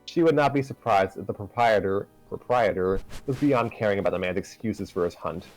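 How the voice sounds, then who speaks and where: A man's voice: lowish voice, a little fast, poor audio. A man hosting and reading a story aloud live, narrating conversationally with self-corrections. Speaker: story reader and host.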